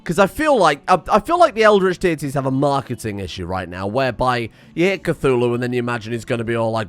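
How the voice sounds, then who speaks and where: A man giving excitable, self-mocking commentary while playing a game, thinking aloud and swearing. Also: mid-range voice, a little fast, faint music behind. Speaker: gaming streamer. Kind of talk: casual gameplay commentary.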